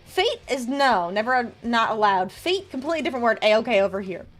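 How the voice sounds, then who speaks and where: A woman with a high, bright-pitched voice leads a casual live stream. Her speech jumps up and down constantly as she teases viewers and offers them tarot readings in a chatty, playful way. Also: very animated, a little fast, soft background music.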